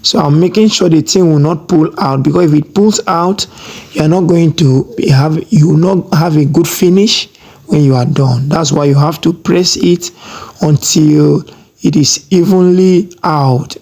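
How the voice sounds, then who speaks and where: Slow-paced sewing tutor, repetitive. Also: mid-range voice, darkish tone. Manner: slow, repeats "have you seen?" often; instructive, emphatic on technique.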